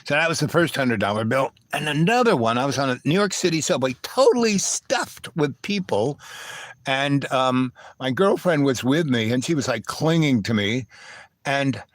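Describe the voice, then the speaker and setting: A man's voice: mid-range voice, lively intonation, moderate pace. A man in the middle of his voice range, spinning a loose, wandering anecdote for his live stream. He doubles back and digresses as he goes. The sound is dry and close, with no room echo. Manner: meandering, digressive, full of asides. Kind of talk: rambling personal storytelling.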